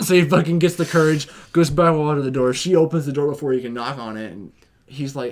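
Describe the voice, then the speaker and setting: A young man co-hosting a casual movie review, excitedly retelling the plot with a lot of swearing. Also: fairly high pitch, fast talker. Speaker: podcast co-host.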